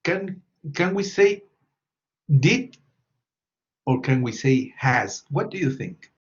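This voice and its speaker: Slow, patient male teacher. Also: mid-range voice, sing-song, dull audio. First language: Spanish. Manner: patient, repeats questions and prompts students. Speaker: English teacher. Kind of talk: classroom English lesson.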